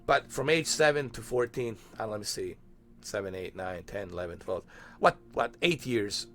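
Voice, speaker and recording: A man's voice: fairly low pitch, normal speed, fairly bright tone. A man from Bosnia, chatting casually on his stream in a rambling, filler-heavy, profane way.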